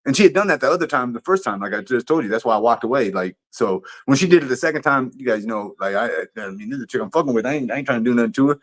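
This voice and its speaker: A man on a livestream tells a story casually in an ordinary middle-pitched voice. His delivery is profane and animated, and he rambles and restarts his sentences often. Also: very fast, few pauses.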